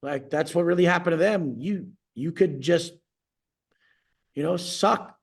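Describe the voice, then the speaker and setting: Gravelly, profane man ranting. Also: on the high side, a little slow. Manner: profane, blunt, boastful rant. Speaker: coach. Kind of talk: ranting on a coaching call. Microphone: video call.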